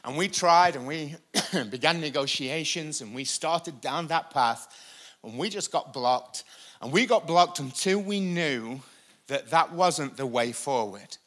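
A male pastor preaching a sermon, energetic and repetitive for emphasis. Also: fairly high pitch, measured pace. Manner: energetic, repeats lines for emphasis, uses a helper for a live demonstration. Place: church stage before a congregation.

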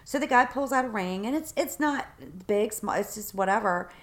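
A woman from the Southern United States, chatting casually as a podcast co-host and telling lively stories in which she acts out the voices of the people she quotes. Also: a little high, moderate pace. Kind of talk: casual chat.

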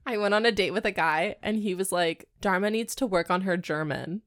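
A young woman co-hosting a podcast, giggling and throwing in quick puns and reactions. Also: mid-range voice. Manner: giggly, quick punning interjections. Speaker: podcast co-host. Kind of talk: casual chat.

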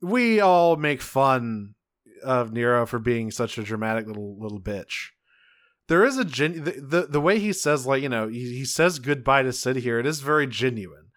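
A man's voice: medium pitch, expressive, normal speed, a bit bright. A man co-hosting a podcast, recapping a game story in a laid-back, joking way and leaning on "you know". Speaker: podcast co-host. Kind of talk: casual recap chat.

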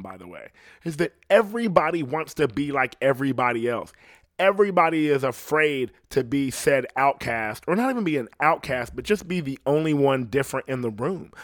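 Man, solo podcast host, profane, rambling, dry mic, mid pitch. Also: no echo. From Ohio. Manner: profane, rambling, frequent "you know what I mean". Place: at home alone.

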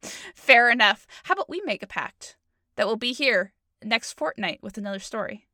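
A young woman co-hosts a storytelling podcast in a playful, giggly way. Her voice is very bright with a lively, bouncing pitch. The room sounds dry. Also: moderate pace, no echo. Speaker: podcast co-host. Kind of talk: casual chat.

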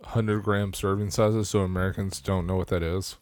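A man's voice: low-pitched, little pitch movement, normal speed, darkish tone, no echo. A man co-hosting a podcast, making dry quips and acting out little dialogues in casual chat. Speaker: podcast co-host.

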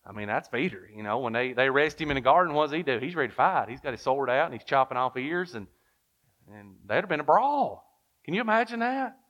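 A man's voice: mid-range voice, expressive, quick pace, a bit bright, lo-fi sound. A man preaching a sermon, telling the story with lots of rhetorical questions and reading King James verses aloud.

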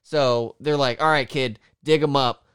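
A man casually recapping a film in a rambling, profane way, often slipping into quick quoted voices of the characters. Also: mid-range voice, steady tone, a bit bright, smooth, dry recording, studio quality.

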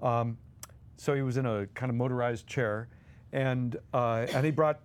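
A man's voice: medium pitch, fairly even intonation, moderate pace. A man co-hosting as a guest, telling anecdotes animatedly and acting out quotes with laughs. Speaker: guest co-host.

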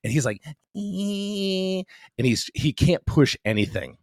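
A man's voice: mid-range voice, a little fast, dry recording, studio quality. A man in his fifties on a casual podcast chat, telling a long story, swearing freely and acting out what people said. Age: 50s. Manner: profane, animated storyteller acting out quotes. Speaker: podcast co-host.

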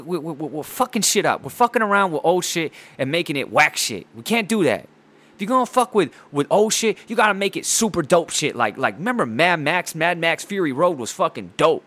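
A man's voice: sits high, expressive, a little fast, bright, forceful tone. A man hosting his own show, ranting in a profane, rambling way about movies and sports news. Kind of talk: casual ranting monologue.

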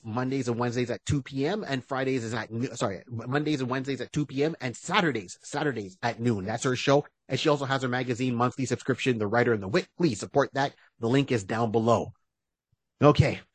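Man, comedian co-host, hoarse, energetic, rapid shout-outs, dry recording. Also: medium pitch, no room sound. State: voice going hoarse. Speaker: podcast co-host, stand-up comedian. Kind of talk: casual podcast chat.

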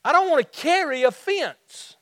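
A middle-aged man with a Southern accent preaching a sermon in a folksy way, restarting phrases and slowing down to stress his points. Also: very high-pitched, lively intonation, a bit bright, no echo, studio quality. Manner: folksy, repeats and restarts phrases, slows for emphasis. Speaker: pastor.

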